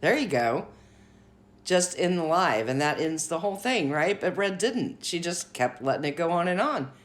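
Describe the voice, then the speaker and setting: A woman's voice: on the low side, animated, moderate pace. A woman hosting her own commentary vlog, giving blunt, outspoken opinions in a casual talking style. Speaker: commentary channel host.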